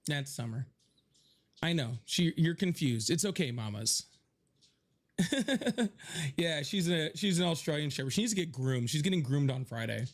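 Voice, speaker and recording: A man's voice: on the high side, very animated, moderate pace. A young man hosting a casual livestream from his home office, chatting with viewers, thanking them by name and swearing freely. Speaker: livestream host.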